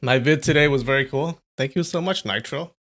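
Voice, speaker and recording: A man's voice: medium pitch, a little fast, fairly bright tone. Chatty male livestreamer. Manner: chatty, laughs often, thinks aloud. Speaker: streamer. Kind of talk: casual livestream chat.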